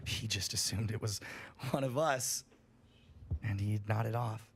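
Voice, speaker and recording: A man's voice: lowish voice, measured pace, breathy edge. A man telling a creepy campfire story on a livestream, casual and full of swearing. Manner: profane, animated storyteller.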